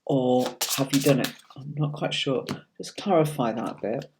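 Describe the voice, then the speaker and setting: With background noise behind her, a middle-aged woman speaks in a very deep voice at a normal speed while hosting a casual tarot livestream. She chats to viewers, reads out their comments, and answers them by name, often using "darling" or "sweetie."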